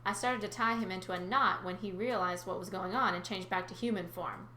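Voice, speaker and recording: A woman's voice: medium pitch, a little fast, bright, forceful tone, slight background noise. A woman reading a first-person adventure story aloud, with chatty asides to her listeners. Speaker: narrator. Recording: roomy recording.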